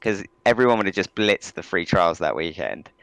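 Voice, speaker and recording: A man co-hosting a podcast in casual chat, animated, with frequent restarts and swearing. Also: low-pitched, moderate pace, gravelly, clean tone, no room sound, poor audio. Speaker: podcast co-host.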